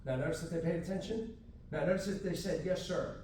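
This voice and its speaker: A man's voice: high-pitched, fairly quick, mellow, slight background noise. A man from Houston teaching a martial arts class to kids and parents in a firm, commanding, drill-like way. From Houston, Texas. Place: library room, echoey. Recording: echoey room, from far off.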